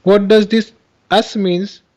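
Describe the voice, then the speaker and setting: A man with a notably high voice calls in to a live-streamed debate. He explains earnestly and at length, pressing on with his point even when cut off. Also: takes it slowly, low-quality recording. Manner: earnest, explains at length, talks over interruptions. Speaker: caller in a debate.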